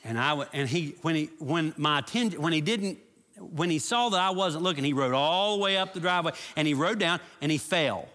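A man's voice: a little high, brisk, sharp tone. A middle-aged man, a pastor, preaching a sermon with a story and then leading an earnest prayer. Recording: long hall reverb.

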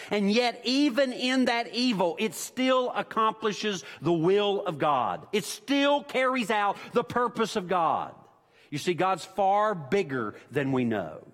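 A man's voice: sits high, fairly bright tone. A man preaching a sermon as pastor, emphatic and repeating his key points for weight. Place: church sanctuary. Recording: long church-hall reverb.

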